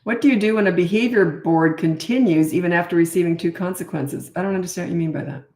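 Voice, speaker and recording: A middle-aged woman parenting coach chatting casually through viewer questions, animated, with quick asides. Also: fairly low pitch. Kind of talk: casual Q&A talk. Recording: roomy echo.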